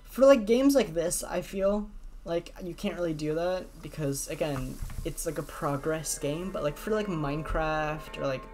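Woman, lowish voice, casual rambling gameplay commentator, heavy on fillers. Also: moderate pace, darkish tone. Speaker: gameplay video creator. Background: game music.

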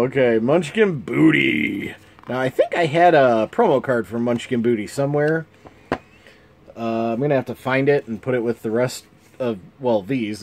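A man hosting a casual card game review, reading cards in an amused, chuckling, unhurried way. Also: medium pitch, darkish tone, slight background noise. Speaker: channel host.

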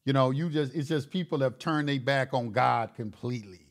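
Speaking at a medium pitch and normal speed, this male talk show host grows more worked up through a heated monologue full of profanity. His words repeat and his sentences restart as the anger builds.

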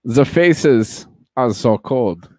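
A man's voice: mid-range voice, animated, extremely slow, a little mellow, no room sound. A man voicing a German-accented cowboy, singing lyrics in a comedy sketch. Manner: sings song lyrics in a put-on cowboy voice. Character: adult male German-accented cowboy singer.

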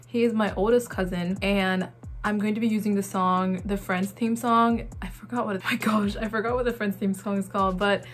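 A woman's voice: mid-range voice, fairly even intonation, brisk. A young woman vlogging in a chatty, giggly, nervous way as she narrates a text prank. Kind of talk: casual vlog chat.

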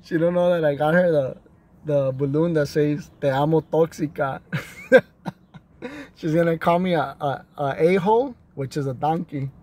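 A man's voice: a little high, moderate pace, darkish tone. A man filming a casual vlog on his phone from his truck and an alley, laughing often and teasing as he talks to his viewers. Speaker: vlogger. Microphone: phone camera.

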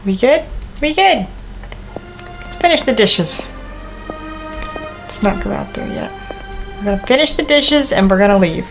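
A woman's voice: mid-range voice, animated, moderate pace, gravelly, pauses often, music in the background, low-quality recording. A woman playing a horror game and commenting, talking to herself in a nervous, jumpy, joking way. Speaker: gaming YouTuber.

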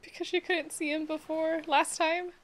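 A woman's voice: extremely high pitch, little pitch movement, moderate pace, fairly bright tone. A young woman reacting to an anime episode in casual commentary, emotional and exclamatory, thinking aloud with lots of "like".

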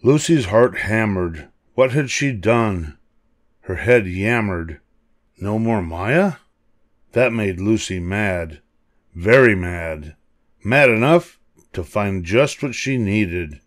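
An older man reading a children's picture book aloud, expressive and animated. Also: lowish voice, slow pace, dry recording, studio quality. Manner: expressive, animated voices for characters. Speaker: storybook reader.

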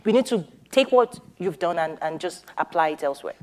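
A woman's voice: lowish voice, animated, fairly quick, dark tone. A woman who organizes a summit, speaking on a panel in an earnest, persuasive way, often restarting her sentences. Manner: uses everyday analogies. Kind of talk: panel discussion.

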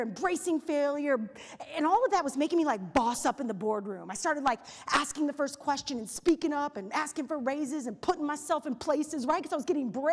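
A woman in her forties giving an energetic, story-driven motivational keynote on a hotel ballroom stage, acting out the quotes in her stories. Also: high voice. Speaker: keynote speaker. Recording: reverberant hall.

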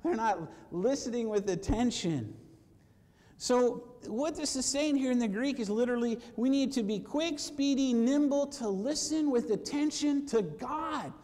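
A man preaching a sermon to his congregation, lively and conversational, calling for amens and acting out quoted voices. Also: very high voice, unhurried, big-room sound. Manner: animated, acts out quoted voices, asks for amens. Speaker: pastor. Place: church sanctuary.

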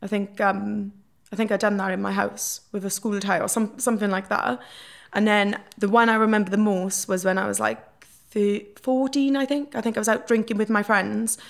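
Candid young Welsh woman, gravelly edge. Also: mid-range voice, little pitch movement, normal speed. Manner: emotional, swears freely, many fillers. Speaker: reality TV personality, guest. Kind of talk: candid podcast interview.

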